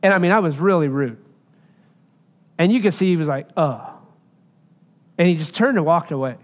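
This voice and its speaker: A man's voice: on the high side, lively intonation, quick pace, in a large hall. A man preaching a sermon, telling a personal story and driving home his points with emphasis. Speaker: pastor.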